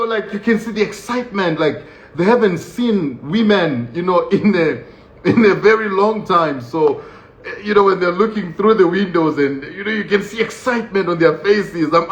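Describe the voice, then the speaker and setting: A man casually recounting a personal story in a lively, laughing way, acting out what others said, with many fillers. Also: high voice. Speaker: vlogger recounting his prison experience. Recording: dull, roomy recording with faint noise.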